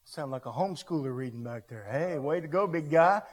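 A man preaching a sermon to a congregation in a church hall, animated and calling out to the room. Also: fairly high pitch, brisk.

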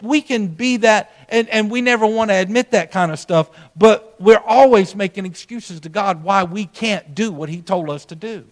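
Male pastor, sermon, folksy storytelling, slightly high voice. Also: moderate pace, hardly any pauses. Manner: emphatic preaching with sudden drops to a soft voice.

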